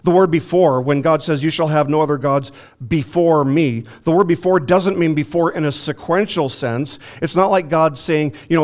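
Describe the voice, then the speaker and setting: A man preaching an expository sermon as a pastor, emphatic, slowing down to stress key words and asking the congregation rhetorical questions. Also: a little high. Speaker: pastor teaching a Bible lesson.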